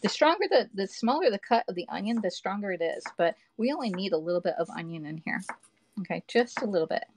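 Her voice is medium-pitched, expressive, fast, and a little mellow. Streaming live from her home kitchen, she cooks while chatting with viewers, reading their comments out loud and calling them "y'all" with plenty of "okay".

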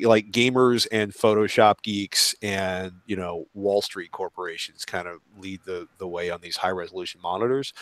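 A man with a fairly low voice, talking as a panel guest in a live online discussion. He rambles through his thoughts, jumping into acted-out quotes along the way. The sound is dry and close. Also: dry recording.

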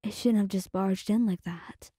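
A woman's voice: medium pitch, fairly even intonation, moderate pace, warm tone, breathy edge, no echo, clean studio sound, lightly acted. A woman voicing a shy, flustered young male swordsman who stammers apologies, in a whispered role-play.

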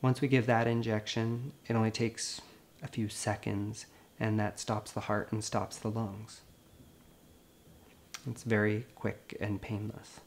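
A grieving man, a veterinarian, speaks to camera in a gentle, earnest and consoling way. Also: on the low side, little pitch movement, measured pace, a little hiss or hum. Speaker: veterinarian and video host. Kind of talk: personal vlog talk to camera.

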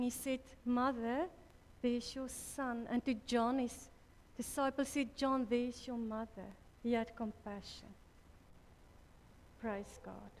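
A woman preaching a sermon at a church women's conference, slow and deliberate, correcting herself mid-sentence. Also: fairly high pitch. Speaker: conference speaker. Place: church hall. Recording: reverberant church hall.

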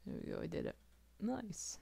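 A woman's voice: moderate pace, warm tone. A young woman giving casual commentary as she plays a video game, chatty and swearing, laughing at the game. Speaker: gameplay streamer. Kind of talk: casual let's-play commentary.

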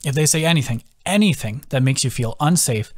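A man voicing an injured young man who jokes wryly through breathy exhaustion, in an audiobook. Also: mid-range voice, animated, a little fast, close to an everyday voice. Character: injured young man, wry joker, weak.

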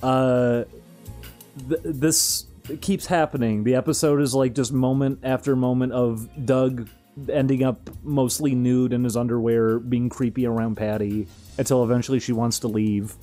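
Young man, streamer, casual rambling commentary, laughs often, mellow voice, soft music underneath. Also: mid-range voice, steady tone, moderate pace.

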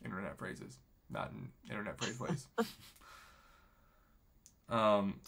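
A man's voice: lowish voice, slow, vocal fry, pauses often. A man streaming a mobile game, chatting casually, laughing and reading viewers' comments aloud. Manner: excitable, laughing, reads chat aloud. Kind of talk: casual live-stream gaming chat.

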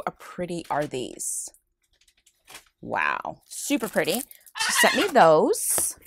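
Woman vlogger, mid pitch, very lively swoops, gushing unboxing chat, dry close sound. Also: no room sound. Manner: gushing, excitable, thankful. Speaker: vlogger unboxing friend mail. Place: at home with her dogs.

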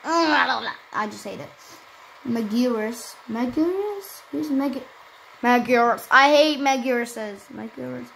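High-voiced excitable woman gaming. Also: measured pace, gravelly, a little hiss or hum, low-quality recording. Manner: excitable, chatty, talks to viewers. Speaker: gaming channel host. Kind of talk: casual gameplay commentary.

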